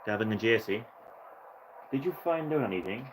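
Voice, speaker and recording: A man's voice: lowish voice, lively intonation, normal speed, slight background noise, low-quality recording. A man giving casual let's play commentary, rambling and correcting himself, with sarcastic, profane rants at the characters. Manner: sarcastic, profane ranting asides; rambling, self-correcting chatter. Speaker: gaming channel host.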